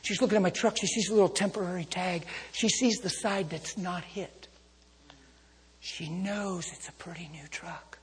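A male preacher with a very husky, raspy voice, telling a story to his congregation, dropping to hushed tones and then rising to fervent calls. His voice rings through a large hall with long reverb. His pitch sits a little high for a man. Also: steady tone, moderate pace. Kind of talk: sermon with storytelling. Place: church service with a congregation.

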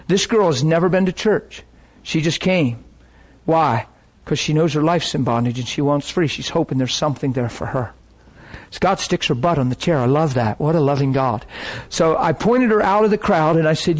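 High-ish guy preaching, telling stories and doing everyone's voices. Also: brisk, slightly rough. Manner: animated, acts out voices. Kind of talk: sermon storytelling.

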